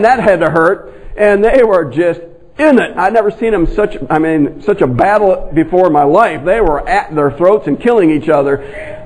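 An older man preaching a sermon, telling a folksy family story with animated, sudden emphasis. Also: high-pitched, rough recording. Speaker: pastor.

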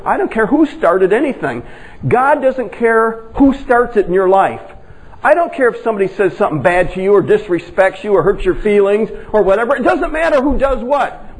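Older male pastor, high voice, folksy and animated sermon delivery. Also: slightly rough, rough recording. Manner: folksy, animated storytelling with sudden emphasis. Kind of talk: sermon with personal story.

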